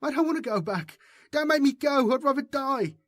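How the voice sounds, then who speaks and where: A man's voice: very high voice, lively intonation, moderate pace, fairly bright tone, dry recording, voice pushed up. Man doing a terrified stammering boy. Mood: wailing. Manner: stammering, wailing. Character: frightened bullied young boy. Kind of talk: audiobook character reading.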